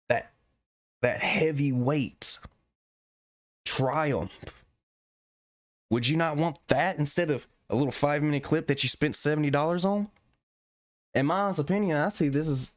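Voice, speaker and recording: A man's voice: medium pitch, no echo. Man in a profane gaming rant, dry sound. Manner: profane, exasperated ranting. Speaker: gaming commentator. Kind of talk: ranting video commentary.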